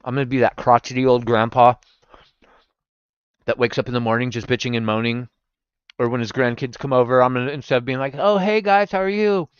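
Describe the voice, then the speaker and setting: A man's voice: medium pitch, brisk, pauses often, smooth, dry recording, highs cut off. A young man streaming live, chatting casually with his viewers and swearing freely. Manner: animated, swearing, talks to chat. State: recovering from gallstones.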